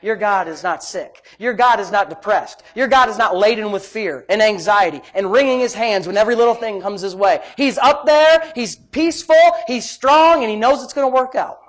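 A woman delivers a sermon, swinging from loud emphasis to hushed asides and telling homey stories with laughter. Her voice sits in the mid-range, moving at a normal speed with few pauses.

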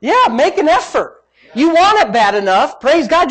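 A man's voice: extremely high pitch, very animated, moderate pace, a bit bright. A male pastor preaching a sermon in an emphatic, repetitive way, often breaking in with praise. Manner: emphatic, repetitive, frequent "praise God" interjections.

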